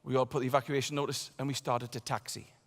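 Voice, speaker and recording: A man giving a motivational conference keynote, telling a story and swinging between loud bursts and quiet asides. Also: medium pitch, level tone, fast talker. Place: large conference hall. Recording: long hall reverb.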